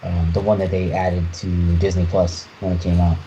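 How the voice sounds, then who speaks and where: A man's voice: low voice, flat delivery, warm tone. A man in his thirties co-hosting a podcast, chatting casually and hesitantly with many restarts. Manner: halting, many restarts and fillers. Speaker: podcast co-host. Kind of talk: casual chat. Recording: muffled lo-fi audio with faint noise.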